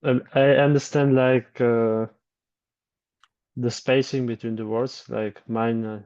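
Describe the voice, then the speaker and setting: A man training in sales who speaks haltingly, with many fillers. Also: mid-range voice, flat delivery, a little mellow, dull audio. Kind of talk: hesitant practice pitch.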